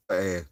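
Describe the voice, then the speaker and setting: A man's voice: low-pitched, fairly bright tone, slightly rough, dry recording. A Scottish man hosting a wild camping live stream from a heated tent, chatting in a rambling way, laughing often and answering live comments. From Scotland. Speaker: wild camping livestream host. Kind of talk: casual chat reading live comments. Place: inside a heated tent with a stove.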